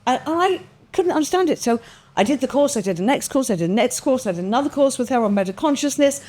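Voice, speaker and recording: A podcast guest with a high, fast voice tells a personal story in an animated, expressive style. She acts out what people said and swears offhandedly.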